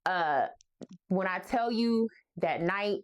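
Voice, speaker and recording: Slow and animated, this medium-pitched host is a New York-accented woman in her forties. She laughs often while sharing casual, playful stories about music.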